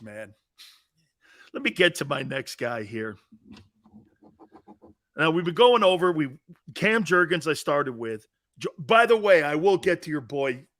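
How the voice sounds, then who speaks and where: Animated man hosting a sports show. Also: fairly high pitch. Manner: animated, bantering, often laughing. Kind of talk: casual live-stream talk, reading viewer chat.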